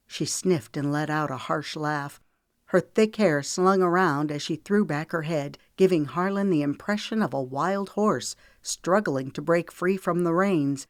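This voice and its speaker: A woman, the author, reading her novel aloud in a steady storytelling cadence. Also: deep voice, measured pace, no echo, clean studio sound. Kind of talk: audiobook narration.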